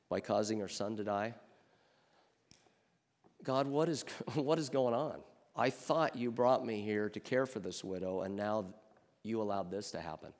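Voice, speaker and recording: A man preaching a sermon from the pulpit, earnest and searching. His mid-range voice rises at key points and drops low and soft at others, and he asks his listeners rhetorical questions. The sound carries the long reverb of a church hall. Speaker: pastor.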